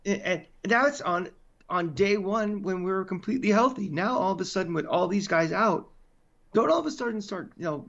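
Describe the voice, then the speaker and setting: A man with a fairly high voice rants emphatically in casual sports chat, pushing each point hard. The audio is dull and lo-fi, like a modest home podcast setup. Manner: animated, emphatic, ranting. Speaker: podcast co-host.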